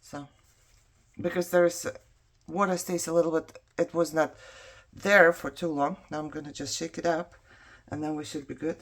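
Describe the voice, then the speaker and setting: A woman's voice: deep voice, fairly even intonation, moderate pace, long pauses. A woman whose first language is not English, chatting and telling a story while she crafts, rambling, laughing often and talking to herself as she works. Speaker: craft vlogger.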